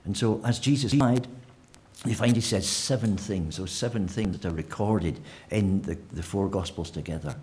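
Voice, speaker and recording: A man's voice: on the low side, normal speed, darkish tone. A man preaching a sermon in a church, conversational and full of fillers and restarts.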